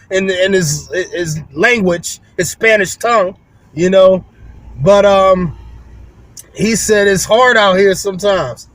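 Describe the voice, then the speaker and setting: A man's voice: high voice, a bit bright, no room sound. A man who runs a window cleaning business, talking to viewers in a rambling, folksy vlog, full of fillers and restarts. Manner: folksy, addresses viewers as y'all. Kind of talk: casual vlog monologue.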